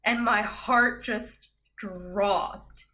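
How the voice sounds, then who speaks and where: Bright-voiced woman telling a story. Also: mid-range voice, drawn-out words. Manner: animated, chatty, frequent laughs and fillers. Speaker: podcast guest. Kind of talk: casual storytelling in a chat.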